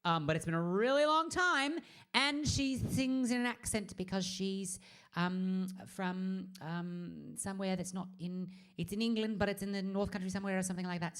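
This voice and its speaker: A woman in her forties chatting casually on a live stream as a drag performer, rambling and trailing off into murmurs and whispers. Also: lowish voice. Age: 40s.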